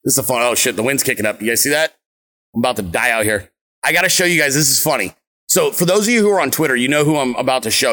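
A man's voice: medium pitch, fairly bright tone. A man in his thirties hosting a political show, ranting casually outdoors in a brash, mocking way with heavy swearing. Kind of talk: profane casual livestream rant. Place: outdoors on vacation, windy.

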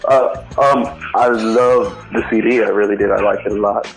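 A man calling in to a podcast, hesitant and halting at first, talking casually. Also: on the low side, fairly even intonation, soft background music, poor audio. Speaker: caller. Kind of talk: casual chat.

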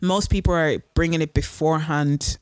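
A woman's voice: sits low, steady tone, moderate pace, darkish tone, clear, resonant tone, dry recording. A woman co-hosting a podcast, chatting casually and telling stories with quoted asides. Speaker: podcast co-host. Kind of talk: casual chat.

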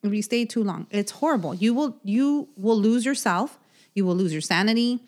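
A woman's voice: medium pitch, normal speed. Earnest woman podcast co-host. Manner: earnest, animated storytelling with many restarts. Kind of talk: casual chat.

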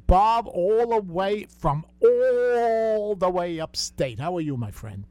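A man's voice: high voice, animated, slow pace, darkish tone, dry recording. An older man hosting a call-in radio show, chatty and full of corny jokes. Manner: joking, chatty, folksy.

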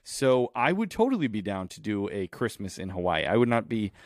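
A man from Chicago co-hosting a casual podcast, chatty and quick to laugh. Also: lowish voice, sing-song, no echo, studio quality. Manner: chatty, laughs often, sing-song greeting. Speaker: podcast co-host. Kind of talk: casual chat. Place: home studio in Southern California.

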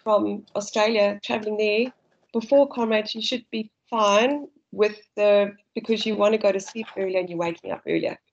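A South African woman talks through a race story in easy podcast chat, laughing as she goes. Her voice sits at a middle pitch. The recording is slightly dull and lo-fi. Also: fairly even intonation, moderate pace. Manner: chatty storyteller, laughs often. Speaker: guest runner.

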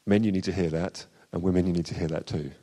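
Low-voiced preacher in a hall. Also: male voice, fairly even intonation, quick pace, warm tone. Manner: conversational, with frequent fillers and restarts. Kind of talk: sermon. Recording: long church hall reverb.

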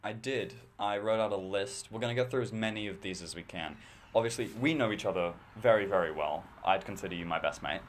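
A teenage boy from Australia co-hosting a casual podcast chat, relaxed and self-deprecating, with some hesitant restarts. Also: fairly low pitch, fairly quick, slight background noise. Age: teens. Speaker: podcast co-host.

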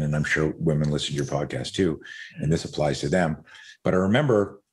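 Man, middle-aged, from Canada, very low voice, podcast guest, rambling storyteller, casual swearing. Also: darkish tone.

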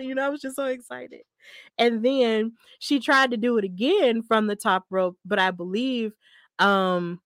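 A woman hosting a podcast, casually recapping a wrestling match in a chatty, excitable way and laughing often. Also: on the high side, dry recording, clean studio sound. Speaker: podcast host.

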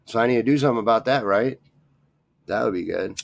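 A man's voice: medium pitch, fast talker, vocal fry. A man hosting a podcast on his own, talking in a rambling, profane, grumbling way. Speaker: podcast host. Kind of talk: casual solo rant.

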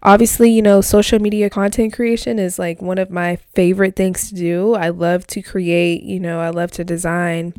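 A woman's voice: on the low side, little pitch movement, moderate pace, few pauses, a little mellow, smooth, no room sound. A young woman talking in a casual, emotional diary vlog from home into a close mic, with lots of fillers and free swearing. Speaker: vlogger. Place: home, indoors.

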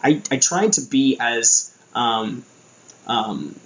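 A man's voice: medium pitch, lively intonation, takes it slowly, fairly bright tone, echoey room, poor audio. A young American man telling a casual story about his time abroad, rambling with lots of fillers and restarts. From United States. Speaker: vlogger.

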